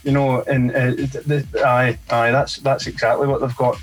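A man's voice: mid-range voice, little pitch movement, moderate pace, faint music behind, rough recording. A Scottish man, a DJ and producer, chatting casually in an interview, rambling and dropping "mate" and "you know" often. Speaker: DJ and producer guest.

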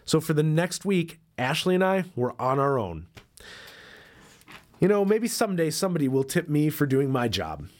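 A man's voice: a little high, big pitch swings, normal speed. A man hosting a podcast, reading a travel story aloud and breaking off for wry, self-deprecating jokes. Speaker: podcast host and dairy farmer.

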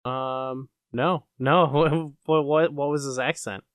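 Man, podcast co-host, casual chat, smooth resonant voice, easy laughter, brief replies. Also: on the high side, fairly even intonation, slow pace. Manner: laughing often, short agreeing replies.

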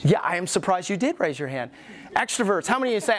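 A middle-aged man preaching a sermon as pastor in a church, emphatic, with pauses, and acting out the voices he quotes. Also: high-pitched, big pitch swings, a bit bright. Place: church sanctuary.

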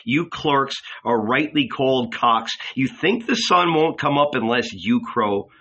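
A man's voice: mid-range voice, measured pace, bright, forceful tone, dull audio. A man voicing a solemn male spiritual teacher who speaks with grave intensity. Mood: anguished.

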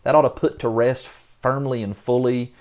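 A man talking through a Bible passage with a co-host in a relaxed, conversational way. He gets animated and acts out the people in the story. His voice sits in an ordinary middle pitch. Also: normal speed. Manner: animated, acts out biblical figures with rising pitch. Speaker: Bible study podcast co-host. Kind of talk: casual Bible discussion.

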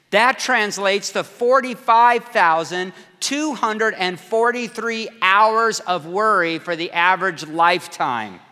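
A man in his fifties preaching a sermon in an energetic, conversational way, talking straight to the congregation. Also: high-pitched, big-room sound. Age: 50s. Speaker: pastor.

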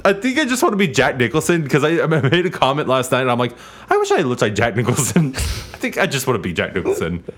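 A man's voice: medium pitch, sing-song, fast, a bit bright, faint music behind. A man co-hosting a podcast, chatting casually in a blunt, profane way and laughing often. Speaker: podcast co-host. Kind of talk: casual chat.

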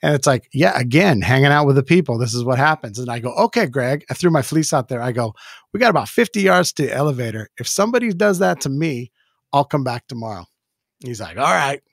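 A man guest telling a story in casual conversation, animated and acting out the voices he quotes. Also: mid-range voice, fast talker, gravelly, husky, dry recording, clean studio sound.

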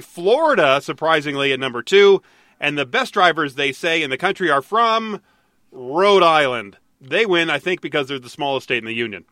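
Bright-voiced podcast host. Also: male voice, on the high side, no room sound, clean studio sound. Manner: easygoing, chuckles between remarks. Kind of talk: casual podcast chat.

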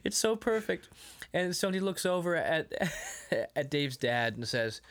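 A man's voice: fairly high pitch, a little slow. A man co-hosting a casual podcast, recapping a movie with lots of laughter and acted-out lines. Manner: animated, acts out movie lines, laughs often. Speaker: podcast co-host.

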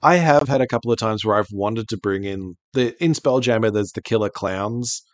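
Male podcast co-host, lowish voice, chatty, casual swearing, dry sound. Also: moderate pace, no room sound. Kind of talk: casual chat.

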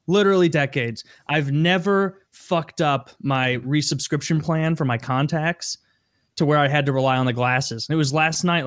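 A man's voice: mid-range voice, a bit bright. A man co-hosting a casual podcast chat, joking and rambling through stories. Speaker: podcast co-host.

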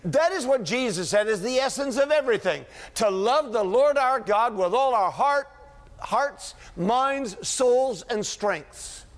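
A pastor with a high-pitched voice preaches to his congregation. He talks in an earnest, conversational way, stacks up rhetorical questions and acts out lines of scripture dialogue, sometimes chuckling between points. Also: animated, measured pace. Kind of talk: sermon.

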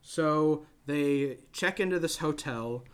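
A man casually recapping a film on a podcast, rambling and animated, dropping into silly voices for the characters. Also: fairly high pitch, slow pace, clean tone. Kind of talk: casual chat.

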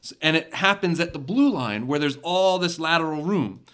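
Brief: male host, casual, explains step by step, bright voice. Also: on the high side, lively intonation, normal speed. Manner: explains step by step, repeats himself. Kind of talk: casual chat.

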